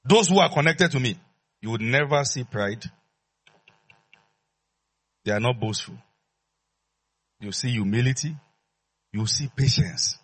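Husky pastor preaching emphatically. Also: male voice, medium pitch, animated, unhurried, long pauses, fairly bright tone. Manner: emphatic, repeats phrases, call-and-response with congregation. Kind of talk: sermon.

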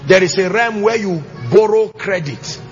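A pastor preaching to his church, emphatic and sing-song, with shouted bursts and call-and-response questions. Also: sits high, moderate pace. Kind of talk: sermon. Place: church auditorium with congregation. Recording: slightly muffled church recording, faint music.

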